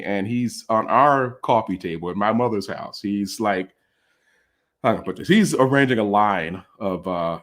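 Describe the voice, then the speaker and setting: A man telling a comic personal story in a casual, animated way, full of fillers, over a video call. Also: lowish voice.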